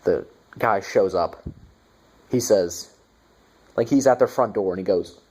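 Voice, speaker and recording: A man's voice: low-pitched, measured pace, a little mellow. A young man giving a casual movie review, sarcastic and profane, with mocking asides.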